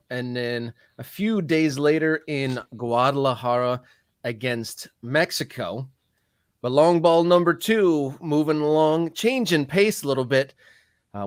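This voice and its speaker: A man's voice: fairly high pitch, no room sound. A man co-hosting a soccer podcast, casual and a bit hesitant, often restarting his sentences. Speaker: podcast co-host. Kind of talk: casual sports talk.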